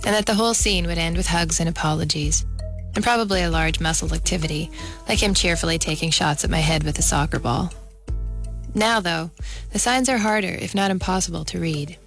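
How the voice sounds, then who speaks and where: A woman in her thirties reading her own personal essay about her son in a measured, wry storytelling voice. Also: fairly low pitch, a bit bright, soft background music. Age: 30s.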